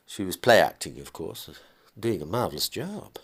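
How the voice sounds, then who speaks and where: A man reading his own story aloud, narrating in a plain, halting way with frequent restarts. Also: sits low, very animated, slightly rough.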